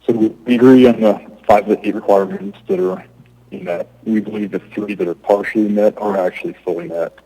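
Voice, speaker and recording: A man from Alaska, an applicant giving halting testimony at a zoning hearing over remote audio. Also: on the low side, mellow, breathy edge, poor audio. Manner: halting, restarts often.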